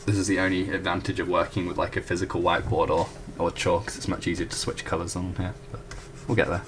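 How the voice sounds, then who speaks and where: He's a young adult student tutor explaining a math proof on a whiteboard, chatty and self-correcting, with apologetic remarks along the way. His low voice stays level at a quick pace, over background noise.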